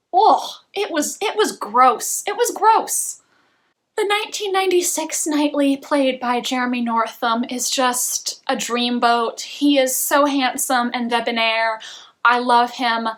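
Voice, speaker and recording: A young woman with a high, bright voice talks through her opinions in a chatty monologue. She's animated and opinionated, hosting her own book channel. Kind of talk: casual review monologue.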